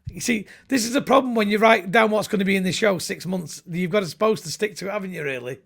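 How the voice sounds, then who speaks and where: A man's voice: sits high, fast talker, gravelly, a bit bright. A middle-aged man, a comedian, chatting casually and telling rambling, jokey stories with little comic voices. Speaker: comedian guest. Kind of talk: casual chat.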